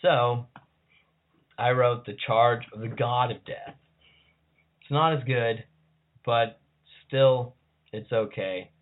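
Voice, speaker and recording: A man's voice: medium pitch, fairly even intonation, slow, long pauses. A man with a scratchy voice talking casually as a podcast guest, at times reading ritual verses solemnly. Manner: reads liturgy in a raised, solemn voice. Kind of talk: casual talk and liturgy reading. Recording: tinny phone-like line.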